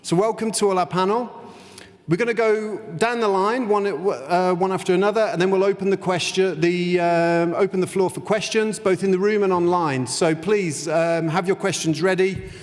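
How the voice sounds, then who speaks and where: A man's voice: sits high, fairly even intonation, normal speed. A man moderating a conference panel in an informal, light-hearted way, in a windowless conference room. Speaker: session moderator. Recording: long hall reverb.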